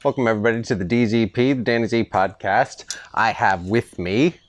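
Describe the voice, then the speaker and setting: A man's voice: lowish voice, a little fast. A middle-aged man hosting a podcast on an outdoor veranda, chatting casually with his son and rambling through stories. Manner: rambling, easygoing storytelling with restarts. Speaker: podcast host. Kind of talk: casual father-son chat.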